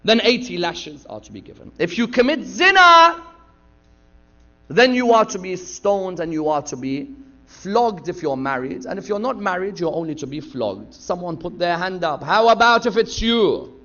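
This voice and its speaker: A man's voice: high voice, animated, normal speed, pushed and bright. A man preaching a sermon from the pulpit, retelling stories dramatically and acting out the dialogue. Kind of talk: sermon storytelling. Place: lecture hall pulpit. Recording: dull lo-fi sound.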